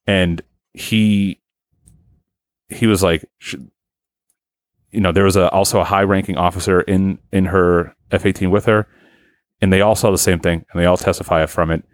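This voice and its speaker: A man's voice: sits low, fairly even intonation, normal speed, pauses often, no echo, clean studio sound. A man co-hosting a casual podcast chat, rambling and swearing as he tells a story with many restarts. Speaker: podcast co-host.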